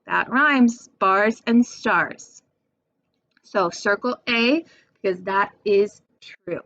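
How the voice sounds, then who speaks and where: A young woman teacher talks her students through a poem at a very slow, careful pace, leaning on each stressed syllable as she reads lines aloud. The sound is dry and close, with a dull, lo-fi edge from a simple home recording. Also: mid-range voice, a bit bright, no room sound. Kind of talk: recorded remote lesson for students.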